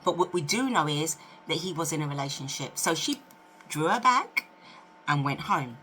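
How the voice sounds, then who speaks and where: A woman in her fifties, a vlogger telling a dating story in a chatty, animated way to camera. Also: deep voice, moderate pace, slight background noise. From United Kingdom. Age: 50s. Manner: chatty, animated, asks rhetorical questions. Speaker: lifestyle vlogger.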